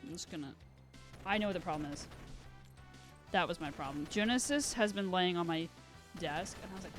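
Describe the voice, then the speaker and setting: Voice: mid-range voice, fairly quick, pauses often, music in the background. A live streamer in casual gaming stream chat, rambling and self-deprecating with giggly asides.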